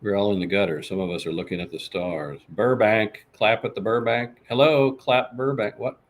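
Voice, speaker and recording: This man hosts a laid-back live podcast, answering viewer comments he reads aloud and praising himself in the third person. His voice is lowish, with fairly even intonation and a moderate pace.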